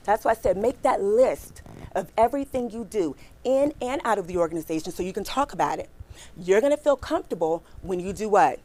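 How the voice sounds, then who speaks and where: A middle-aged woman recruiter giving a lively career workshop, talking fast and chatty and asking her audience questions. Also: medium pitch.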